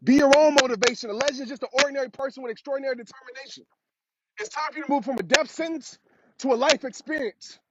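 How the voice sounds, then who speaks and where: A man with a very high voice delivers a motivational talk and drives his points home by repeating them. The recording is dull and lo-fi. A steady hiss runs underneath. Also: fast talker. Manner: preachy, repeats phrases for emphasis. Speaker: motivational speaker. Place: outdoors on a road. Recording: dull lo-fi sound with clear hiss.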